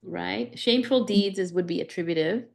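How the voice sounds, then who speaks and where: A woman with a medium-pitched voice and vocal fry speaks at normal speed while teaching a live Greek grammar class. She builds explanations step by step, with frequent restarts and "right?" checks.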